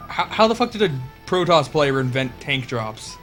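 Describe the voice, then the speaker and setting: A man's voice: on the high side, sing-song, normal speed, a bit bright, soft background music. A young man casually commentating a video game match, sardonic and profane. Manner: sardonic, profane, laughs often. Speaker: esports commentator.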